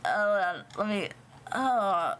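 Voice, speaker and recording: A young woman streamer chatting casually with her viewers, rambling, swearing and getting excited. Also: mid-range voice, takes it slowly. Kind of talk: casual livestream chat.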